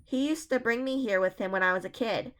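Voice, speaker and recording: A woman reading the part of a hoarse, angry, middle-aged homeless man hiding in a school basement, in a storybook. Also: fairly high pitch, fairly quick, fairly bright tone, slight background noise, lightly acted. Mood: weary. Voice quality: hoarse whisper. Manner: angry, defensive.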